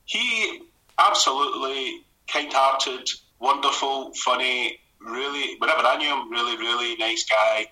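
A middle-aged Scottish man, a comedy writer, telling stories in a casual radio conversation with quick restarts and laughs. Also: medium pitch, poor audio. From Scotland. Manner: rapid, animated storytelling with restarts and laughs.

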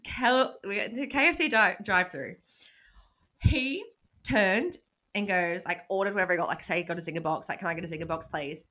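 A woman in her twenties with an Australian accent, co-hosting a casual podcast and telling stories with lively quoted asides. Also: medium pitch, a little fast. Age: 20s. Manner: storytelling, swears freely, animated quoted asides. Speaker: podcast co-host. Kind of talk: casual chat.

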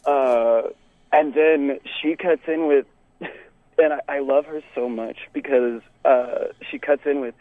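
A man's voice: medium pitch, slow, dry recording. A young man from Texas, telling a story in casual podcast chat, laughing often. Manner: animated, laughs often, many fillers. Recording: tinny phone-like sound.

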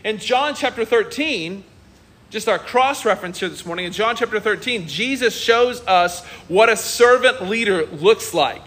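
A man's voice: high voice, animated, moderate pace, fairly bright tone. A male pastor preaching a sermon on a church stage, earnest and emphatic, often repeating himself. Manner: earnest, emphatic, with many repetitions.

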